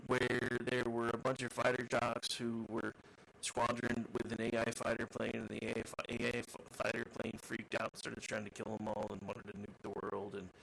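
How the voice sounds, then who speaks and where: A man's voice: medium pitch, level tone, moderate pace, gravelly, fairly bright tone, a little hiss or hum, rough recording. A man co-hosting a radio talk show, rambling jokily with repeated words. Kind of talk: casual chat.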